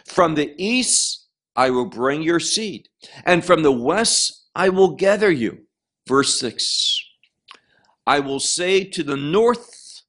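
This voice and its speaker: A man teaching a Bible passage, reading verses slowly and stressing key phrases. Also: fairly high pitch, expressive, a bit bright. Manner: slow, deliberate, emphatic reading of scripture.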